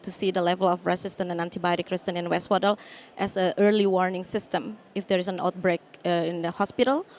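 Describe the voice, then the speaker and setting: Woman answering, clipping her words. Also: lowish voice. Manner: cuts off words mid-way. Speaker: startup founder. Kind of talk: panel answer.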